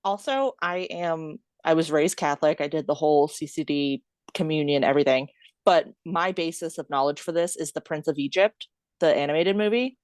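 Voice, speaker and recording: Low-voiced woman chatting giggly. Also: normal speed, a little mellow, no room sound, clean studio sound. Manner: chatty and giggly, thinking aloud. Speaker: podcast co-host. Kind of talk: casual chat about a film.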